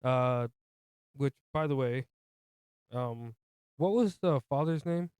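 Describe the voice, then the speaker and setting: A man's voice: medium pitch, slow, darkish tone, smooth, dry recording. A man co-hosting a movie podcast, casually retelling the plot with jokey asides. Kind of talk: casual film recap chat.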